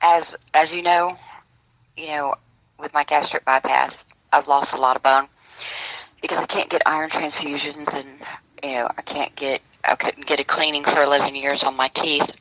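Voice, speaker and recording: A woman speaking slowly and wearily, close to tears, her mouth sore from missing teeth, talking in a live video from prison. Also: low voice, fairly even intonation, no room sound. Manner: slow, weary, close to tears. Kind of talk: emotional live video testimony. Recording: dull lo-fi phone video with faint noise.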